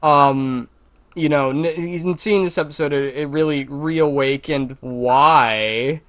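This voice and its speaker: A man's voice: a little high, slow, fairly bright tone. A man co-hosting a podcast in casual chat, talking with a Valley Girl inflection. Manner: chatty, self-described Valley Girl inflection. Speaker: podcast co-host.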